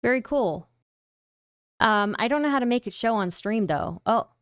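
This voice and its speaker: A woman's voice: fairly high pitch, expressive, moderate pace, no echo, studio quality. A woman hosting a live stream, giving rambling, incredulous casual commentary with lots of fillers. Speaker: streamer host.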